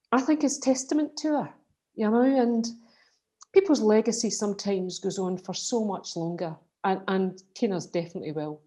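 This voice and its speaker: A woman's voice: mid-range voice, warm tone. Passionate Scottish woman on a video call. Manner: passionate, emphatic, quick restarts. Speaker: guest speaker, colleague. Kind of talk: casual remembrance conversation.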